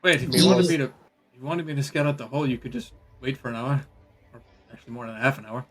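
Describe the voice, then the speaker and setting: A man's voice: mid-range voice, quick pace. A man chatting casually as a player in a tabletop game, joking and swearing offhandedly. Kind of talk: casual chat.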